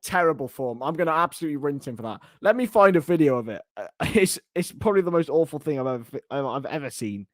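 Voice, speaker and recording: A young man hosting a casual live stream, chatting and joking as he answers viewer comments in quick bursts. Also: fairly high pitch, lively intonation, no room sound, studio quality. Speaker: host of a fan channel.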